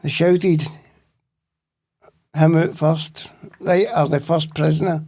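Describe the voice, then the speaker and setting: A Scottish man with a fairly high, slightly mellow voice speaks slowly and steadily. He's a guest in a casual interview, telling rambling stories full of swearing.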